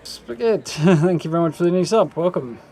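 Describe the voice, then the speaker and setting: A man streaming a game live, commenting in relaxed, musing asides and thanking viewers. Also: sits high, brisk, slight background noise. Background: game sound and music.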